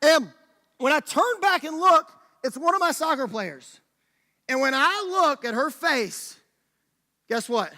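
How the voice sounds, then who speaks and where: A man preaching a sermon in a church, telling a personal story in an animated way and directing a volunteer on stage. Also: very high-pitched, measured pace, long pauses. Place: church sanctuary. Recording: church hall reverb.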